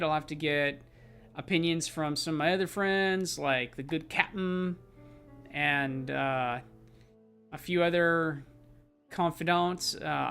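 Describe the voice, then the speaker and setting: Chatty streamer guy rambling over his game, kinda high voice, lil gravelly. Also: a bit bright. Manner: rambling, chatty, many fillers. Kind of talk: casual game stream commentary.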